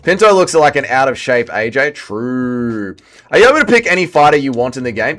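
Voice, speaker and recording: A man's voice: mid-range voice, very animated, brisk, a bit bright, faint music behind. A man, casually chatting and reading chat aloud while livestreaming a fighting game. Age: 30s. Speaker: streamer. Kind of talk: casual livestream gaming commentary.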